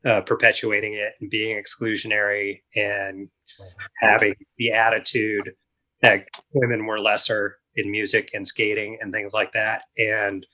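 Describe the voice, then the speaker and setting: An earnest man in his fifties, guesting on a podcast for his charity. His voice is bright and sharp at the edges. He stops and restarts often as he works through his thoughts. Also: lowish voice, flat delivery, poor audio. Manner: earnest, halting, many restarts. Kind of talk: casual interview talk.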